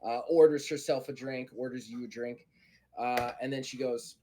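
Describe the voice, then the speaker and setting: A man's voice: medium pitch, fairly even intonation, moderate pace, dark tone, a little hiss or hum. A man narrating as game master, loose and chatty with many fillers. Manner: loose, filler-heavy narration with frequent laughs. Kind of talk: narrating a tabletop role-playing game.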